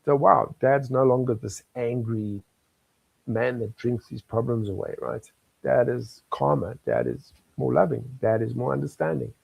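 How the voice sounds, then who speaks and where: A man's voice: mid-range voice, animated, unhurried, creaky, slightly rough, dry recording, dull audio. An older man from South Africa, a talk show guest telling his life story in an earnest, chuckling manner. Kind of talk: candid interview talk.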